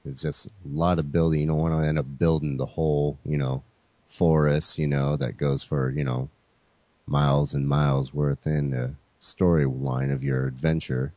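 A man's voice: extremely low pitch, level tone, moderate pace, dark tone, no room sound, dull audio. A man hosting a gaming podcast in casual chat, laid-back, calling listeners "folks" and leaning on "you know". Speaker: podcast host.

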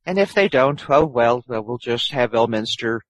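A man's voice: medium pitch, animated, normal speed, dry recording, rough recording. A man co-hosting a casual gaming chat, joking and laughing often. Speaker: podcast co-host.

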